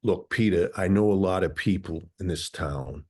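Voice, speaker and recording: A man's voice: low voice, normal speed, a little mellow, slightly rough. A man putting on a brash older male music producer from New York with a New York accent, boasting about who he knows. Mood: boastful. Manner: boastful, name-dropping.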